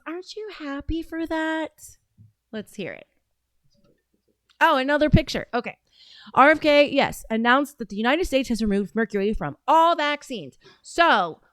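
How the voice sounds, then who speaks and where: A woman's voice: a little high, a bit bright, dry recording. A woman in her thirties hosting a casual commentary show, ranting in a heated, sarcastic, profane way. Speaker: show host.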